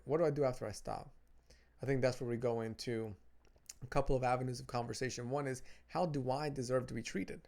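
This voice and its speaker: Gravelly-voiced man giving earnest advice. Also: mid-range voice, darkish tone. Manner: earnest, repeats words and restarts phrases while reading notes. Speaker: relationship advice vlogger. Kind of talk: casual advice talk to camera.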